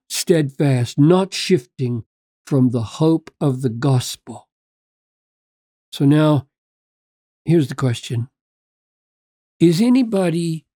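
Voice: medium pitch, mellow, dry recording, studio quality. A preacher giving an earnest, emphatic sermon, reading scripture aloud and explaining it point by point with rhetorical questions.

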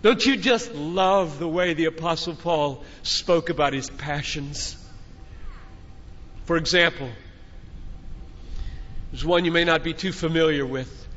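High-voiced guy preaching slow and earnest, fatherly, echoey muffled hall recording. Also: a bit bright. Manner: earnest, fatherly exhortation with rising emphatic repetition. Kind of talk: sermon to a conference crowd.

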